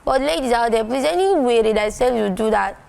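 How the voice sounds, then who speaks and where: A woman with a Nigerian accent trades animated opinions on a studio talk show. Her voice is slightly high with a gravelly edge. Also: a little fast, a crowd in the background. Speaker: co-host. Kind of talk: lively studio show chat.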